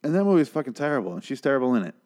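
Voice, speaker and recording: A man's voice: mid-range voice, very animated, very fast, a little mellow. A man giving a rambling, casual recap of a TV episode, swearing often and adding sarcastic asides. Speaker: show recapper.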